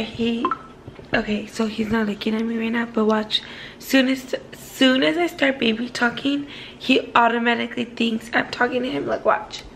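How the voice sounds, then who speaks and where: A high-voiced young woman in her twenties chats on a casual vlog from inside a car, loose and talkative, swearing now and then. The phone recording carries a faint hum of background noise. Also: roomy sound. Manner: chatty, swears casually, laughs often. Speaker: vlogger. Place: parked car at night.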